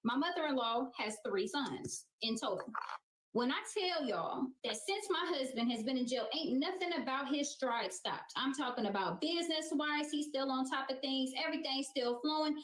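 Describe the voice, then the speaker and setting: A woman's voice: sits high, lively intonation, normal speed, reverberant, a little hiss or hum, rough recording. A woman telling a storytime monologue in a brash, slangy way.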